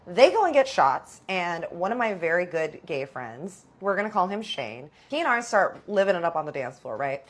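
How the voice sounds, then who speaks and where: A woman telling a story in a casual, animated way, acting out what other people said. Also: fairly low pitch. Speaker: storyteller host.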